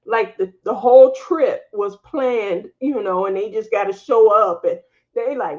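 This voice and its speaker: Creaky and slow, her voice comes with frequent pauses on a lo-fi recording. This middle-aged craft channel host chats casually with her live stream audience, laughing often and acting out relatives' quotes in higher voices.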